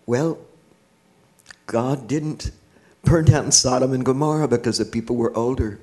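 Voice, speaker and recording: A man's voice: medium pitch, normal speed, warm tone. A middle-aged man, a guest in an interview, telling his own life story with earnest feeling and a laugh now and then. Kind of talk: personal testimony in church.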